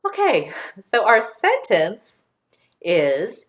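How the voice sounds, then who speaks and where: Slow, patient teacher woman. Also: on the low side, huge pitch swings. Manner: slow, clear, patient dictation. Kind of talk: phonics lesson for young children.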